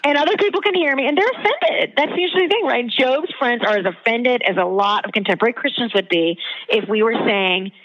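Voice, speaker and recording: A woman guest talks with lively, emphatic energy, her voice sitting somewhat high. The audio is dull and lo-fi, like a modest podcast setup. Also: fairly quick. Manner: animated, emphatic storytelling. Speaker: guest author and theologian. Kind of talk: podcast interview.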